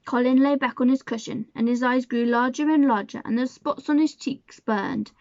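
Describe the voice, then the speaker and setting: A woman narrating a storybook aloud in a gentle, measured way. Her voice sits slightly high and carries a gravelly grain. The sound is dry and dull, like a lo-fi home recording. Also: steady tone, dry recording. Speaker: storybook reader. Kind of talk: storybook reading.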